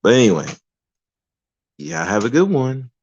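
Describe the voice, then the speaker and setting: A man's voice: medium pitch, sing-song, a little slow, a little mellow, breathy edge. A podcast host, a man, delivering an emphatic, profane livestream rant. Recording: dull lo-fi recording.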